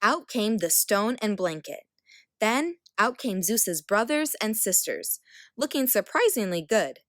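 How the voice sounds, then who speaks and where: Woman reading kids book out loud, slow and lively, dry sound. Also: mid-range voice, dry recording. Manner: expressive, unhurried. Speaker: storyteller. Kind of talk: reading a picture book aloud.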